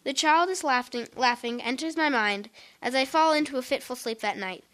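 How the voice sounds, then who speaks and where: A woman reading a first-person story aloud in a plain, steady way. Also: high-pitched, normal speed.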